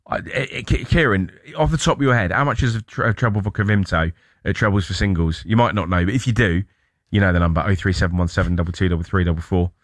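A man's voice: deep voice, fast talker, no room sound, studio quality. A British man hosting a radio show, chatting casually in a rambling, anecdotal way. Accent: British English. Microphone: studio mic.

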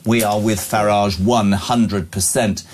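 A man's voice: fairly low pitch, fairly even intonation, darkish tone, slightly rough. A man hosting a live breakfast radio show, joking and reading out listener messages. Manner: jokey, brisk, reads out listener messages.

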